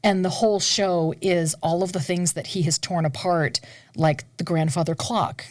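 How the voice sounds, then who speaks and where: A woman who is an opera singer, talking in a casual interview, animated and laughing often, sometimes dropping to a whisper for emphasis. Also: lowish voice, moderate pace, no echo. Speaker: guest, opera singer and conservatory staff.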